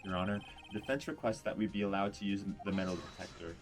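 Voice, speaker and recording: An earnest young defense lawyer pressing his point, as a man plays him. His voice is low, and loud music runs underneath. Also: fairly even intonation, quick pace, lightly acted. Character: young male defense attorney, determined. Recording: voice over loud background music.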